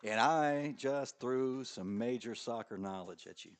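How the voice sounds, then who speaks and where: A middle-aged man calls a local soccer match in a relaxed, joking way, his voice sitting in a middle register. Now and then he jumps into loud, high-pitched calls. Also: unhurried, noisy background. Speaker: play-by-play commentator. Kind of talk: local sports commentary.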